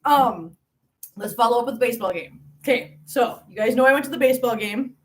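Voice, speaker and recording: A woman's voice: on the high side, fairly quick, recorded from a distance, slight background noise. A woman hosting a casual livestream chat, greeting viewers by name and calling them pet names like hon and sweetie. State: out of breath. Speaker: channel host.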